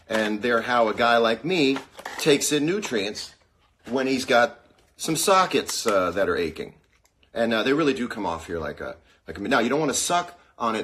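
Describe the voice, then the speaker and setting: A man in his forties hosting a casual live-stream chat, rambling and joking, now and then bursting into yells, with an aching dry socket. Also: medium pitch, a little hiss or hum. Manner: rambling, jokey, bursts into yelling. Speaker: show host.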